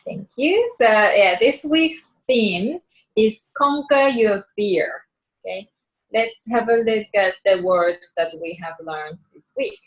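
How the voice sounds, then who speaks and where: In an online session, a Japanese-speaking woman teaches English vocabulary, explaining slowly and patiently with lots of fillers and restarts. Her pitch is medium, and the audio quality is poor.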